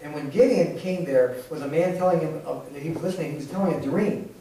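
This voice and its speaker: A man's voice: a little high, fast, warm tone. A man preaching a sermon in a church, telling stories in a conversational way with laughs and restarts. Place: church sanctuary. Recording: echoey church hall, distant mic, faint noise.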